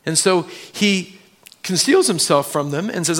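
A male pastor preaching a sermon in a church, swinging between loud emphasis and hushed tones. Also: high voice, animated, a little slow. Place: church sanctuary.

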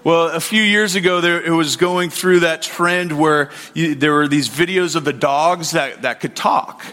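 Slightly high-voiced pastor in a reverberant hall. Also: male voice, a little slow, sharp tone. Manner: conversational, many fillers and repeated words. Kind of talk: sermon with prayer and anecdotes.

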